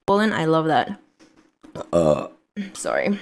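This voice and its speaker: Young female streamer, casual and apologetic, fairly high voice with lively pitch swings. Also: measured pace, long pauses. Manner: chatty, keeps apologizing. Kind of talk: casual live-stream chat.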